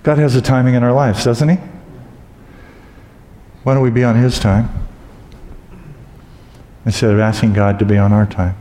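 A man preaching a sermon as pastor, telling stories with humor and acting out loud exclamations. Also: medium pitch, fairly even intonation, normal speed, pauses often. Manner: humorous storytelling, acts out exclamations. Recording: echoey hall with long reverb.

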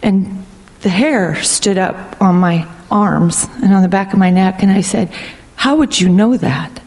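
A middle-aged woman recounts her testimony in an earnest, reflective way, taking her time over each thought. Her voice sits at an ordinary middle pitch for a woman. A long reverb trails behind her words, as in a large hall. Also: darkish tone. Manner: earnest, reflective, slow and deliberate. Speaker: speaker sharing a personal testimony. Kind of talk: testimony, personal storytelling.

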